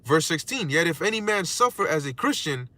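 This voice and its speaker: Animated slangy preacher man. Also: fairly quick. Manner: animated, slangy, acts out insults in a squeaky mocking voice. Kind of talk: casual street sermon.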